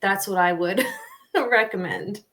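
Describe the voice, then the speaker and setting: A middle-aged woman co-hosting a podcast, telling a story in a lively, casual way and laughing often. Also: mid-range voice, slow. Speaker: podcast co-host. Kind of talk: casual chat.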